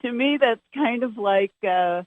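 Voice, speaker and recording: A woman with a New York accent, a ballet teacher guest on a radio interview, eager and quick to agree. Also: a little high, no room sound. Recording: dry, phone-like narrow band.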